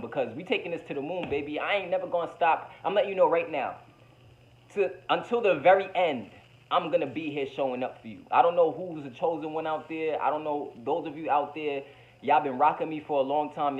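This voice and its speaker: A man's voice: on the high side, highs cut off. Preachy slangy male vlogger. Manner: preachy, slangy, repetitive, addresses viewers as baby. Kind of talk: motivational vlog monologue.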